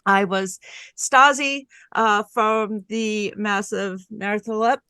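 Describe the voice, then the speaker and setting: A woman's voice: mid-range voice, fairly even intonation, takes it slowly, pushed and bright, clear, resonant tone, dry recording. A woman casually introducing herself on a podcast, rambling and laughing at herself. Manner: rambling, self-deprecating, laughing often. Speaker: podcast guest player.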